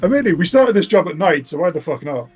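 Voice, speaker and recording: A man's voice: high-pitched, sing-song, quick pace, a crowd in the background. A man playing a tabletop role-playing game, joking, swearing and laughing a lot. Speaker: player. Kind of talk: casual tabletop role-play.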